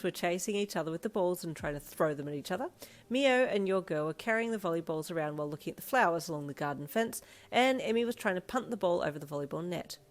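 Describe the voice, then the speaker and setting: A woman reading a second-person fanfiction story in a steady storytelling voice. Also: lowish voice. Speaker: fanfiction narrator. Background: soft instrumental music.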